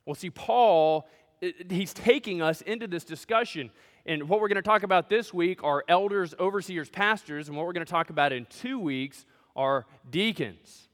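A man's voice: high-pitched, normal speed, a bit bright, long reverb tail. A man as pastor, preaching a sermon in a conversational, joking way, in a church sanctuary.

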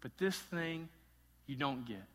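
A man voicing a patient, loving older father who reassures his son softly. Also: mid-range voice, animated, slow pace, long reverb tail. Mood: tender. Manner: soft, tender reassurance.

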